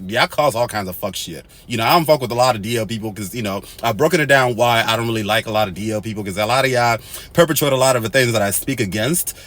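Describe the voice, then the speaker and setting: Animated Nigerian-born man talking to camera. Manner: animated, swings from loud exclamations to low asides, mixing in Pidgin and Igbo phrases. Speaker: host. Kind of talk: casual to-camera monologue.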